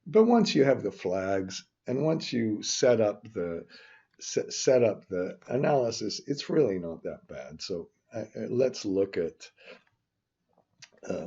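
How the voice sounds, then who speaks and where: Rambling older man, slow and husky. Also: deep voice, warm tone. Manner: rambling, self-interrupting, grumbling asides. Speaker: finance instructor. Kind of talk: screen-recorded spreadsheet tutorial. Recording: dull lo-fi recording.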